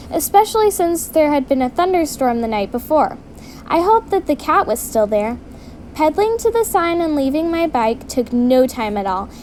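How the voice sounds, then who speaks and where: A woman reading her own storybook aloud in an earnest, steady way. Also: high-pitched, a little hiss or hum.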